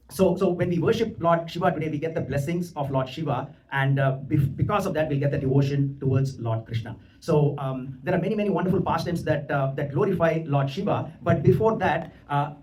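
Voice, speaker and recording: A man giving a devotional lecture in a temple hall, explaining scripture and slowly chanting Sanskrit mantras. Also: mid-range voice, a little mellow, far from the mic.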